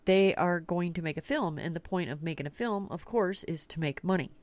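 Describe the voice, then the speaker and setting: A woman hosts a casual talk radio podcast, speaking bluntly and swearing often as she tells her stories. Her voice sits a little low for a woman. The recording is dry and close, with no room echo. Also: a little fast. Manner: blunt, swears freely, animated storytelling. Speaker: podcast host.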